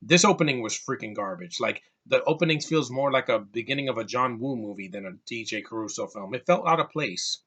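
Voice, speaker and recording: A man's voice: mid-range voice, lively intonation, a little fast, hardly any pauses, a bit bright. A man giving a casual, exasperated movie rant, often restarting and repeating words. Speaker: movie reviewer.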